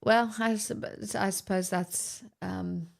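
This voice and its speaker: A woman's voice: medium pitch, steady tone, slow, creaky. An Australian woman chatting casually on a livestream, rambling and swearing freely as she reacts to chat.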